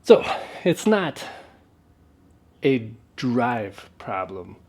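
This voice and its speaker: Laid-back man with a mid-pitched voice, joking wryly through a casual garage vlog. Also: big pitch swings, drawn-out words, darkish tone, soft background music. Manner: laid-back and wry, with offhand jokes. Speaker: vlogger working on an old truck.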